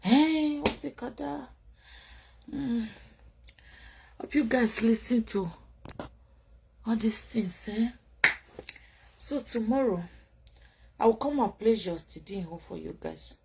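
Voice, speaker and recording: A Nigerian woman talks to her viewers late at night, drowsy and rambling as she sips wine. She speaks slowly and unhurriedly, drifting from loud asides down to sleepy murmurs, with a faint hiss underneath. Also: on the high side, gravelly. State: tired, drinking wine. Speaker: vlogger. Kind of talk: late-night casual livestream chat.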